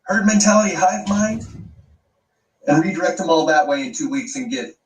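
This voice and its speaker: A man's voice: a little high, animated, moderate pace, recorded from a distance, low-quality recording. A man hosting an online commentary video, ranting with emphatic, profane sweeping claims.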